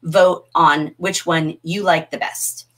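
Lively middle-aged teacher lady on a livestream, laughing and chatting with viewers. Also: low voice, slow. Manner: animated, laughing, talks to the chat. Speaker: teacher hosting a livestream class. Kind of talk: livestreamed literature lesson.

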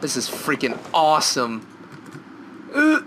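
A young man commentating on a video game from his room at home, excitable and rambling, now and then breaking into snatches of song. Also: mid-range voice, normal speed, a little hiss or hum, poor audio. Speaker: gameplay commentator. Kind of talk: gameplay commentary.

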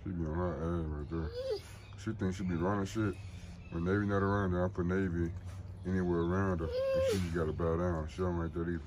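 Deep-voiced man talking to dogs. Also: very animated, brisk, noisy background. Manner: loose, profane, coaxing dogs in a sing-song voice. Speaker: dog kennel owner. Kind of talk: casual vlog talking to his dogs. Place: outdoors in a yard.

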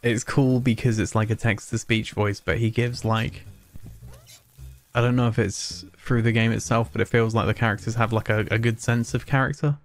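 A man's voice: mid-range voice, little pitch movement, normal speed. A man streaming a video game, chatting casually in a rambling, self-mocking way with frequent chuckles. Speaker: gaming streamer. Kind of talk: casual let's-play commentary.

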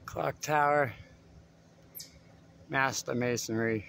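A man's voice: mid-range voice, fairly even intonation, slow, vocal fry, background noise. Out-of-breath man walking and talking. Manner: chatty, addresses viewers directly. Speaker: vlogger. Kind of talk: casual walking vlog. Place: outdoors on a hilly school campus.

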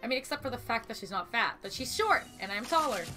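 Bright excitable woman streamer. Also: fairly high pitch, fast talker, soft background music. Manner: excitable, swears freely, sudden loud exclamations. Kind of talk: casual gaming commentary.

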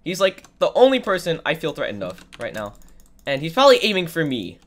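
A woman with a low, nasal voice, stuffed up from being sick, talks her way through a game. Her commentary is sarcastic and full of mock complaints. Her pitch swings widely as she exclaims. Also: wildly swooping pitch, fairly quick. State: sick, congested. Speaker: gaming video creator. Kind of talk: gameplay commentary.

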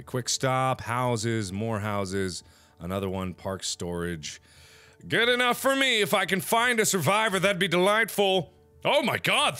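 A man giving let's play commentary on a video game, swinging between loud outbursts and mumbled planning. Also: medium pitch. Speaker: gaming video host. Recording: game music clearly audible behind. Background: game music.

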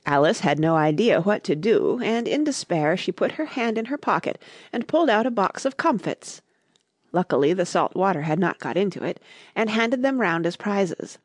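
A woman narrating a classic storybook in a clear, measured reading. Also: mid-range voice, expressive, no room sound, clean studio sound. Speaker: audiobook narrator.

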